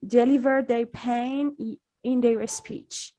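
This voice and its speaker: Woman, fairly high voice, hesitant audience question. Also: steady tone, slow pace, mellow. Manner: hesitant, searching for words. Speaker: audience member asking a question. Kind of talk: academic Q&A.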